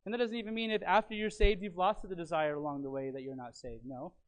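A man's voice: high voice, fairly even intonation, fast talker. Emphatic preacher, a man. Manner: earnest and emphatic, swings from loud stresses to quiet lines; teacherly, walks through notes and fill-in blanks. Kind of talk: sermon.

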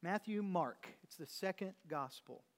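A man's voice: sits high, lively intonation, unhurried, big-room sound. A man preaching a sermon to his congregation, conversational and teasing, quizzing them with questions. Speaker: pastor. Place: church sanctuary.

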